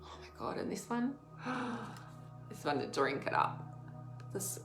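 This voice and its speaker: A woman's voice: deep voice, sing-song, normal speed, a bit bright, echoey room, soft background music. A woman, an intuitive healer, giving a casual oracle card reading in a rambling, chatty way, laughing often and filling her talk with "like".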